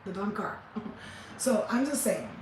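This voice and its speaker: A woman's voice: mid-range voice, measured pace, recorded from a distance. A blunt, profane woman chats to her viewers on a casual livestream. She laughs often and acts out what other people said. She sits well back from the mic in a roomy, echoing space with a faint hum behind her. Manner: animated, acts out quotes. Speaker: spiritual healing vlogger.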